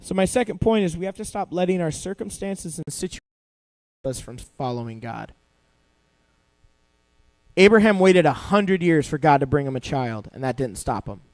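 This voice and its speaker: A man's voice: a little high, sing-song, normal speed, pauses often, darkish tone, no echo. A young man giving a youth sermon, a casual, joking storyteller who acts out quotes as he goes. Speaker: youth pastor. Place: church youth service hall.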